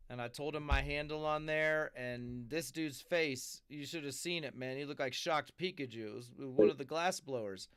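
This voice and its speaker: A man's voice: fairly high pitch, normal speed, hardly any pauses, a bit bright, smooth, no echo. A man hosting a podcast, talking in a laid-back, slangy, chatty way. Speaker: podcast host. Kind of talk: casual chat.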